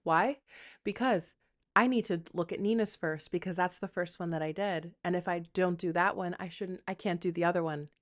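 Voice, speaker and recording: A woman with a fairly low voice hosts her own podcast in an unscripted, rambling monologue. She is candid and self-deprecating, slips in casual swearing, and voices her inner thoughts aloud as quick asides. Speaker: podcast host.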